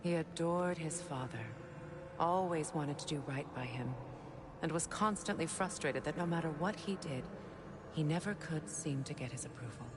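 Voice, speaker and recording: A weary, grieving goddess played by a woman speaks in a low, calm, measured voice, her sarcasm bone-dry. Clear background noise runs under the game audio. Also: close to an everyday voice.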